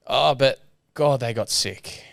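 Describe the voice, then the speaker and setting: An Australian man in his thirties, a guest on a casual podcast, telling stories in a relaxed way, swearing freely and acting out what others said. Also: medium pitch, slow, gravelly, no room sound, studio quality. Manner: relaxed storyteller, swears freely, acts out quotes. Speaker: guest sailor.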